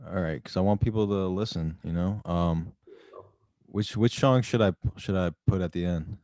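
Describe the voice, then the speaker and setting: A male podcast host with a low, dry-sounding voice, recorded close with little room sound. He chats casually and mostly answers with short, easy agreements. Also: moderate pace, dry recording. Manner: relaxed, brief agreeing replies. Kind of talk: casual chat.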